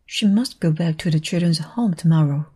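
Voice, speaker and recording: A woman voicing a brisk, cross but kindly older farm woman, in a low husky voice. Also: warm tone. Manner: brisk and cross, with a kind side.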